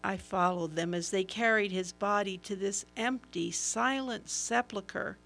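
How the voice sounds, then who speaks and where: A woman playing Mary at the empty tomb, slow and earnest. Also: medium pitch, creaky, a bit bright. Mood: sorrowful. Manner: earnest, emotional, swelling at moments of wonder. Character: grieving woman follower of Jesus at the empty tomb. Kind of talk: first-person dramatic monologue.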